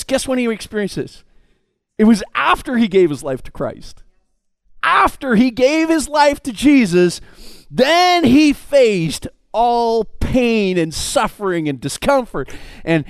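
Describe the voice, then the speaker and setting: A man preaching a sermon, telling it in an animated way and stammering over repeated words. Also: extremely high pitch, measured pace, clean tone, no room sound.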